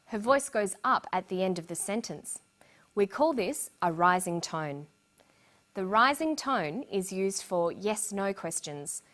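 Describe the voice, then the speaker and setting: A woman narrating a scripted English lesson with slow, clear explanations. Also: mid-range voice, a bit bright. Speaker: English teacher.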